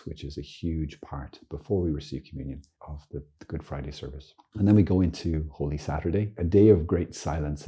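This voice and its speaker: A man, a priest, giving an informal teaching talk, earnest and lively with joking asides. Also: a bass voice, husky. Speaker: Catholic priest.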